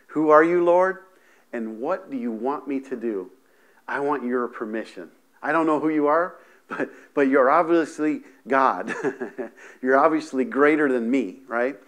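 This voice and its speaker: A man preaching a sermon from a living room to a camera, often restarting his sentences and checking in with "amen" and "right". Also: medium pitch. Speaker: pastor. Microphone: camera in front of him, seated on a stool.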